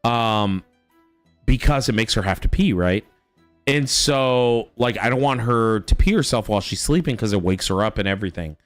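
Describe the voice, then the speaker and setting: A man's voice: fairly low pitch, normal speed, dry recording, faint music behind. A man streaming a game, telling stories about his toddler in a casual, swearing chat. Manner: animated storytelling, swearing. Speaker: father.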